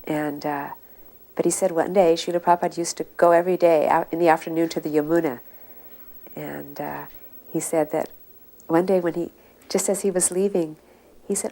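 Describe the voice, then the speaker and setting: A woman with a lowish voice tells old anecdotes in an easy, meandering way. She speaks as a devotee sharing memories, unhurried and conversational. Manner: relaxed, meandering storytelling. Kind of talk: recounted anecdotes.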